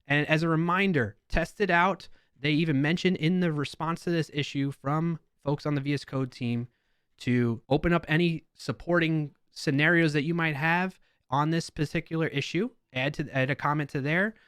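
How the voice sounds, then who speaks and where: A man's voice: fairly high pitch, normal speed, fairly bright tone, clear, resonant tone, no echo, studio quality. Chatty man with a New York accent. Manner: chatty, wry asides while reading comments aloud. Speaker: developer YouTuber. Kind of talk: casual reaction commentary.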